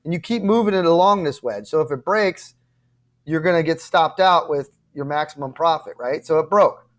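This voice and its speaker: A crypto trading host with a fairly high, slightly bright voice talks at a moderate pace through his charts. He's emphatic and repetitive, speaking directly to viewers with frequent "okay?" and "right?", sometimes apologizing or showing frustration.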